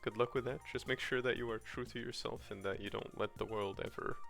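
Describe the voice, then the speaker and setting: Guy streaming a comfy farm game at home, gravelly voice, keeps restarting sentences and laughing, quiet game music under him. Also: medium pitch, fairly even intonation, fairly quick. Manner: chatty, reacts to chat, laughs often, frequent restarts. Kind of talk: casual chat while streaming a farming game. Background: faint game music.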